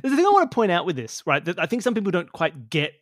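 An Australian man chatting as a podcast guest, jokey and animated. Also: high-pitched, rapid-fire, no room sound, studio quality. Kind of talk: casual chat.

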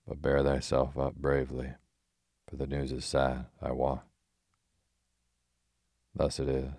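A hearty, teasing outlaw speaks in old-fashioned jests, as a man reads him in a storybook. The voice sits very low and barely moves in pitch. It sounds close and dry. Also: completely flat delivery, takes it slowly, a little mellow, no echo, heavily acted. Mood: jesting. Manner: jesting, archaic speech.

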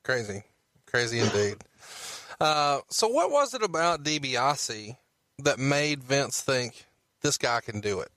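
A man's voice: mid-range voice, big pitch swings, slow, a bit bright, dry recording. A man co-hosting a podcast, asking brief questions to keep the story going. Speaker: podcast co-host. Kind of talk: casual interview chat.

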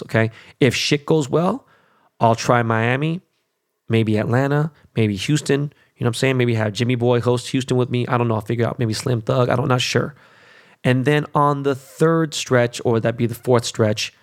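A man in his forties from Los Angeles, hosting a podcast in a blunt, casual rant full of swearing. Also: medium pitch. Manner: blunt, heavy swearing, keeps asking "okay?". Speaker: podcast host.

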